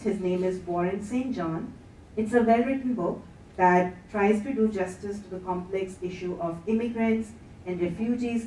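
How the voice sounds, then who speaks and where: A woman's voice: medium pitch, darkish tone, distant mic, a little hiss or hum. Woman lecturing in an echoey hall. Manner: measured, reads quotes aloud. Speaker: conference plenary speaker. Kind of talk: academic lecture. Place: conference hall. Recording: echoey hall, speaker heard from afar.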